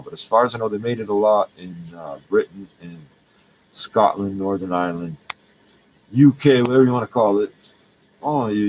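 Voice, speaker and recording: A man's voice: fairly low pitch, dull audio, a little hiss or hum. A man in pain, ranting in a rambling, heated and profane way. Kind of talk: angry rambling rant.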